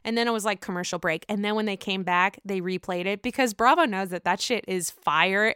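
A woman chats through a reality show recap in a bright, tense voice. Her tone is smooth and crisp, and the sound is dry and close. She talks in a gossipy, animated way and swears freely. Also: medium pitch, brisk, hardly any pauses, no echo. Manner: gossipy, profane, animated reactions. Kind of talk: casual recap vlog.

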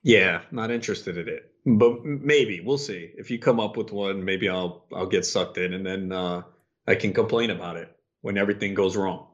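A man in casual podcast chat, animated and argumentative. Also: sits low, normal speed, dull audio.

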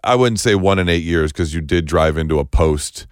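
Deep-voiced man in casual podcast chat. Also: normal speed, no echo, studio quality. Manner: animated, sharing trivia with playful disbelief. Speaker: podcast co-host.

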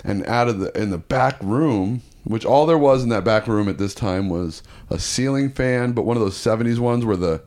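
A man with a fairly low voice tells a personal story as a podcast guest. His talk is loose and profane, full of restarts and asides as he circles through the details. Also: normal speed, few pauses, darkish tone. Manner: profane, rambling anecdote with restarts. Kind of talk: casual storytelling.

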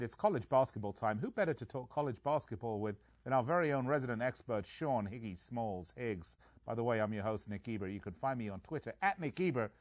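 A man's voice: mid-range voice, no room sound, clean studio sound. A man hosting a sports betting show, chatting casually with wisecracking jokes and playful sales patter. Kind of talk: casual podcast chat.

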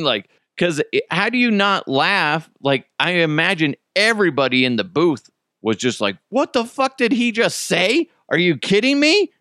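This studio-quality clip with no room sound features a mid-range male voice. He's a podcast host in his thirties, chatting on his own in a relaxed, joking way and swearing freely while telling animated stories.

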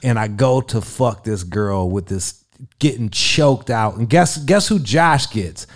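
A man telling a story in casual podcast chat, rambling and swearing constantly, animated and comic, full of fillers. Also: fairly low pitch, slow. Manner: profane, rambling, lots of fillers.

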